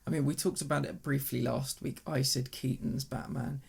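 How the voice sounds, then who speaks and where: A man with a gravelly, husky voice co-hosts a casual podcast chat about TV. He rambles through exasperated complaints at a middling pitch. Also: fairly even intonation, normal speed. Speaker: podcast co-host. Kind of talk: casual chat reviewing TV shows.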